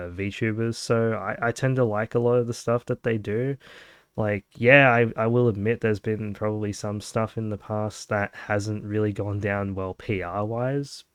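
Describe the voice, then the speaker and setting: A young man talks loosely as a podcast host, full of fillers and restarts. His voice sits low and comes across smooth and resonant. The sound is dry and close. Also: dry recording. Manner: rambling, laid-back, many fillers. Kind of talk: casual chat.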